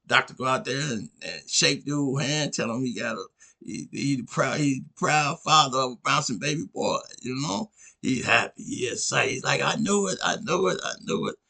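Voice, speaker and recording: A man's voice: mid-range voice, normal speed, creaky, sharp tone. A man hosting a podcast, telling a long story in a rambling casual way, constantly checking in with his listener. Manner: rambling, constantly asks "you know what I'm saying". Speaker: podcast host.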